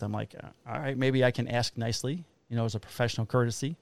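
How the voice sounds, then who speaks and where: A man, a police officer co-hosting a podcast, telling a story in a casual, animated way with a lot of swearing. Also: medium pitch, fast, no room sound. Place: Illinois.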